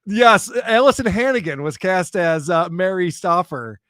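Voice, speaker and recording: A man co-hosting a podcast, telling a true crime story in an animated, joking way and laughing often. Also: high-pitched, measured pace, dry recording. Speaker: podcast co-host. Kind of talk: casual storytelling chat about true crime.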